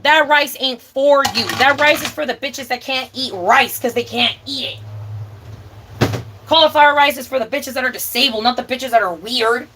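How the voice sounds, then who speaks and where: A young woman with a somewhat high voice rants in a casual cooking vlog, blunt and full of swearing. She drags out words when she wants to drive a point home. There is a faint hum of noise behind her. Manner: blunt, profane, emphatic ranting; drawn-out words for emphasis. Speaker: vlog host. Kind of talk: casual ranting chat while cooking.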